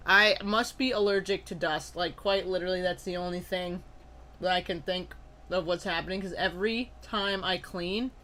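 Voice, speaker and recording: Young adult stream host, bright tone, upbeat chatter, allergy-sneezy. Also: mid-range voice, normal speed, slight background noise. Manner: upbeat, greets viewers by name, frequent loud excited outbursts. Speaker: live-stream host opening trading cards. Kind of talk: casual live-stream chat.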